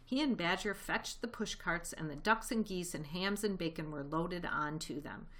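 A woman reading a children's novel aloud in a steady, expressive storytelling voice. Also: on the low side, moderate pace. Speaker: reader.

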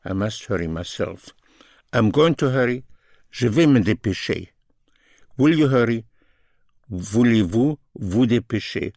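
A man teaching a language lesson, slowly and deliberately repeating each phrase in both languages. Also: medium pitch, animated, gravelly, darkish tone, dry recording, studio quality.

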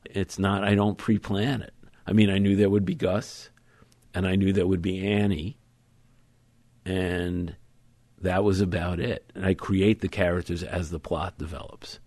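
A man being interviewed as an author, explaining at length in a thoughtful, measured way. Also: sits low, little pitch movement, darkish tone, no room sound. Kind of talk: conversational interview.

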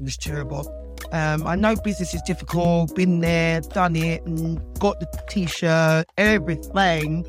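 A woman's voice: low voice, fairly even intonation, measured pace, faint music behind. A woman with a London accent co-hosting a podcast in casual chat, full of exclamations like "boy". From England. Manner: exclamatory, calls people girl and boy. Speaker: podcast co-host.

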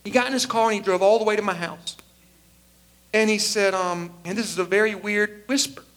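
A pastor, telling a personal story in a sermon and acting out the voices of the people in it. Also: male voice, high-pitched, steady tone, fairly quick, fairly bright tone.

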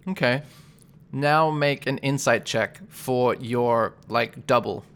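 Casual game-master man, mid-pitched, loose and rambling while narrating a tabletop game. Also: takes it slowly, fairly bright tone, smooth. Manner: casual, rambling, thinking aloud.

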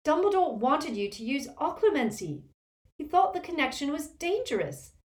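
A woman's voice: sits high, sing-song, moderate pace, darkish tone, echoey room, pitched above the performer's own voice. A woman voicing a clever, earnest teenage girl who scolds insistently.

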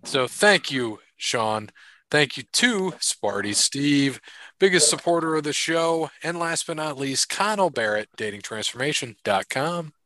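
A man's voice: a little high, animated, unhurried, bright, forceful tone. A man co-hosting a podcast in loose, jokey casual chat, running through sponsor thanks and sports gossip. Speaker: podcast co-host.

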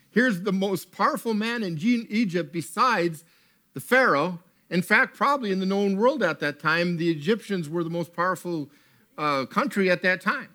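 A man preaching a sermon in a tent to a gathered audience, retelling a Bible story with animated asides and acted-out lines. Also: high-pitched, normal speed. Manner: animated storytelling, acts out characters.

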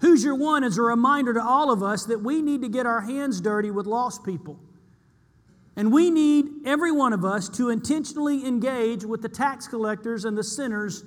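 A man's voice: extremely high pitch, moderate pace, fairly bright tone, in a large hall. A man preaching a sermon to his church, earnest and emphatic, repeating key lines for weight.

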